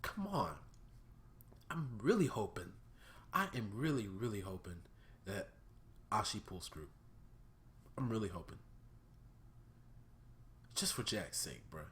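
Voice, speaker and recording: A young man hosting his own vlog, giving a casual, profane review of a cartoon episode, swinging between loud outbursts and subdued talk. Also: fairly low pitch, lively intonation, slow pace, pauses often.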